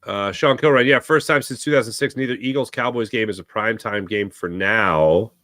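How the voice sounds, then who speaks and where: A man's voice: on the low side, brisk, hardly any pauses, sharp tone, no echo, clean studio sound. A young man hosting a live sports talk stream, rambling and reading viewers' comments aloud. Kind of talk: casual live-stream chat.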